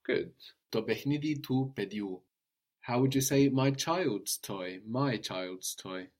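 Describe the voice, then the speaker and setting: A man's voice: mid-range voice, expressive, a little mellow. Patient male language teacher. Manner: patient, drawn-out model phrases. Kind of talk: guided language lesson.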